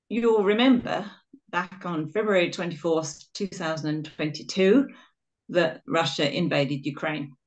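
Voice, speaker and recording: A middle-aged woman from England giving a webinar talk with slides, telling stories in a chatty, self-deprecating way over a video call. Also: lowish voice. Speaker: guest speaker.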